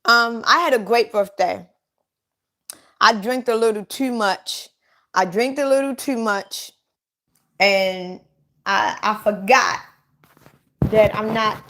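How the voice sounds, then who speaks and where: A woman's voice: mid-range voice, slow, long pauses, sharp tone. A middle-aged woman chatting casually on a livestream, telling blunt, profane stories straight to her viewers.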